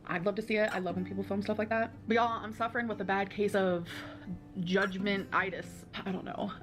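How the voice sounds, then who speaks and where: A woman's voice: mid-range voice, steady tone, music in the background. A woman talking earnestly in a confessional vlog, dragging out her words. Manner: earnest, slow, drawn-out words. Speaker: video blogger.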